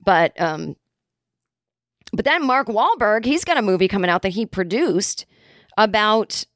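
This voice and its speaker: A woman's voice: mid-range voice, lively intonation, a little slow, a bit bright, no room sound, clean studio sound. Sarcastic, rambling woman podcast host. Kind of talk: solo podcast commentary.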